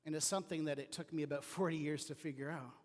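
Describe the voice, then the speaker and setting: A man preaching a sermon as pastor, telling personal stories in an earnest way that drops to a quiet voice. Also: fairly high pitch, steady tone, fast, big-room sound. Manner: earnest storytelling with quiet dips. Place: church sanctuary.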